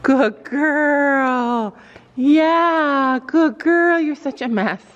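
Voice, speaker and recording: A woman vlogging outdoors with horses, talking softly and coaxingly to a nervous pony, recorded on a camera mic. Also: high voice, very slow, in a large hall, lo-fi sound. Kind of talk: casual vlog narration.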